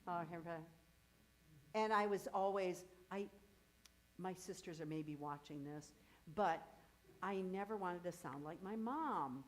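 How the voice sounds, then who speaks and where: Middle-aged lady running choir practice, counts out beats, pitch jumping all over, slow unhurried delivery. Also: expressive, low-quality recording. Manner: counts beats and sings cues to demonstrate; encouraging, brisk coaching. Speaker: choir director. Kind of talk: choir rehearsal instruction.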